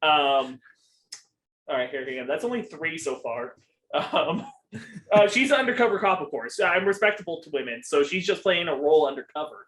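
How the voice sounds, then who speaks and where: Young male podcast co-host, slightly high, rambling, profane, filler-heavy. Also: lively intonation, normal speed, a bit bright, a little hiss or hum, rough recording. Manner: rambling, profane, with many ums. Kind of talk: casual chat.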